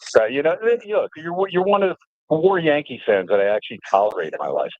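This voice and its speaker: A middle-aged man from New Jersey, a radio guest, telling animated stories full of fillers and acted-out quotes. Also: mid-range voice, fast talker, dry recording. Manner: animated storyteller, fillers, mimics voices. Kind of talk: casual radio storytelling. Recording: tinny phone-line audio.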